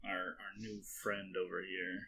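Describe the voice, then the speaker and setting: A man playing a tabletop game, speaking carefully and haltingly. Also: low voice, little pitch movement, sharp tone, slight background noise. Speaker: player. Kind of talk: casual tabletop play.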